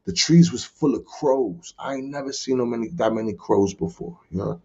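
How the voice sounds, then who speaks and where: In a dull lo-fi recording, a podcast guest from the Bronx, New York, shares his life story as personal testimony in casual conversation. His mid-range voice is warm and slightly rough at a normal speed, and he talks in streetwise slang, often asking "you heard?"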